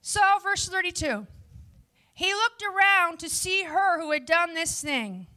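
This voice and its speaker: High bright energetic woman preacher. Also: a little slow. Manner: energetic and lively, chatty asides to the audience. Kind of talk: sermon. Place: before a live audience.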